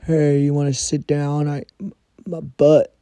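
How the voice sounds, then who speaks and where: A woman's voice: low voice, flat delivery, unhurried, dark tone, clear, resonant tone, dry recording, pitched below the performer's own voice. A woman putting on a pushy, weird male coworker. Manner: pushy, offering.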